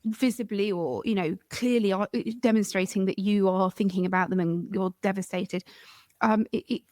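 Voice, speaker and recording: A woman hosts a podcast in a conversational interview style, speaking reflectively and thoughtfully. Her voice is medium-pitched and darkish in tone, delivered at a moderate pace with no echo.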